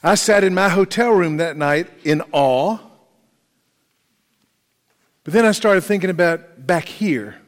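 A male preacher delivers a sermon as vivid, dramatic storytelling, his voice sitting a little high. His words ring out with a long reverb through a church hall. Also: a little slow, pauses often. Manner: dramatic storytelling, rising intensity.

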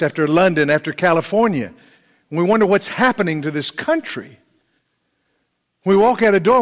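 A male preacher delivers a sermon as vivid, dramatic storytelling, his voice sitting a little high. His words ring out with a long reverb through a church hall. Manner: dramatic storytelling, rising intensity.

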